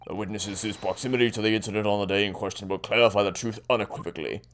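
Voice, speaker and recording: A man voicing a haughty, pompous male prosecutor in a video game, speaking lower and quieter. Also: fairly even intonation, lightly acted. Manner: slow and haughty.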